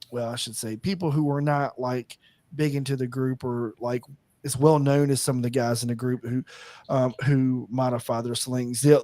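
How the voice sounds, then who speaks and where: A man's voice: mid-range voice, darkish tone, no echo. A man co-hosting a casual live-stream chat, rambling with lots of fillers and restarts and laughing easily. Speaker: co-host.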